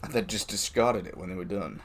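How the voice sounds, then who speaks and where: Streaming live, a man with a low, fairly quick voice tells a rambling anecdote in a casual storytelling style. It's full of swearing, laughter and quoted voices.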